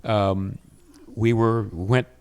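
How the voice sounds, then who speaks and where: A man co-hosting a casual podcast, telling a story in a relaxed way and laughing along. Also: on the low side, drawn-out words, clean tone. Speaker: podcast co-host. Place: hilltop cabin.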